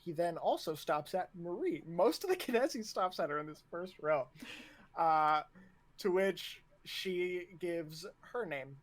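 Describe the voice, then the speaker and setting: Male game master, slow unhurried narration, casual and stop-start. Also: high-pitched, expressive.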